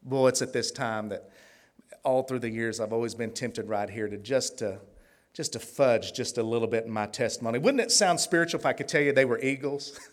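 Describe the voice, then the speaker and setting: A man from Tulsa, preaching a testimony sermon in a folksy storytelling way, laughing often and swinging between hushed and fervent. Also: medium pitch, brisk. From Tulsa, Oklahoma.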